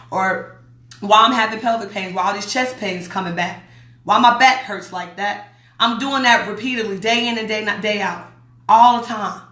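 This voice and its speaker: A woman from Las Vegas talks straight into her phone on a livestream, blunt and emphatic, hammering home her warnings. Her voice is bright and forward, and the room around her is echoey. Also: medium pitch. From Las Vegas, USA. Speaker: host. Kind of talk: livestream talk reading viewer comments.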